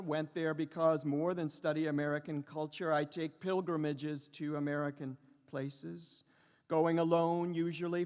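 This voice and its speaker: A middle-aged man giving a lecture as a professor, speaking slowly and reflectively with lyrical repetitions and pauses. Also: on the high side, smooth. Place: large lecture hall. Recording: long reverb of a large hall.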